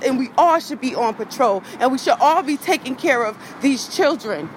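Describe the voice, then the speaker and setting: A woman's voice: high voice, expressive, normal speed, hardly any pauses, noisy background. A woman, a vlogger in an angry rant to her viewers, heated, profane and repeating herself.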